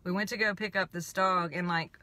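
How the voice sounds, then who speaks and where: A woman who works as a spiritual coach speaks fairly quickly in a lowish voice, dry recording. Her personal story comes out as a casual, rambling, animated retelling dotted with "I'm like."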